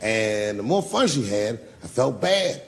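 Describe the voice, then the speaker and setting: Gravelly man doing profane stand-up. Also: fairly low pitch, sing-song, a little slow. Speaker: stand-up comedian. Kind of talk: stand-up set. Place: small comedy club.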